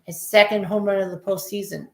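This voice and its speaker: A woman's voice: mid-range voice, fairly even intonation, fairly quick, roomy sound. A woman in her forties giving casual, rambling play-by-play of a baseball game as a fan streamer, cursing at bad plays. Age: 40s.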